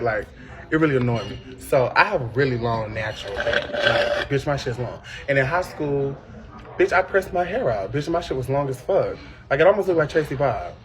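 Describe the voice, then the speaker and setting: A man telling a personal story in casual chat, animated and profane, with sudden high shrieking impressions. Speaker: podcast host.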